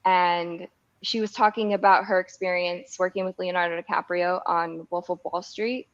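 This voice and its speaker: A woman's voice: fairly low pitch, steady tone, moderate pace. A young woman co-hosting a live stream, chatting casually and laughing as she tells stories. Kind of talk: casual chat. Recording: slightly dull lo-fi stream audio.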